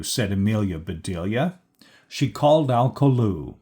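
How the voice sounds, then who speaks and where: A man reads a children's picture book aloud slowly and with liveliness, raising his pitch for the characters' lines.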